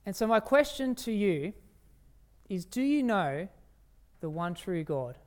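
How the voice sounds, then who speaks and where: A preacher delivering an evening sermon with a smooth, resonant voice. The delivery is emphatic, drawing out key phrases slowly and putting rhetorical questions to the listeners. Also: medium pitch, big pitch swings.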